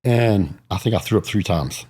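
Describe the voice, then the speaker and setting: Husky, low-voiced man telling stories quickly. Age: 40s. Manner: animated storyteller, acts out quoted voices. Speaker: guest, bodybuilder. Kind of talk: casual storytelling interview.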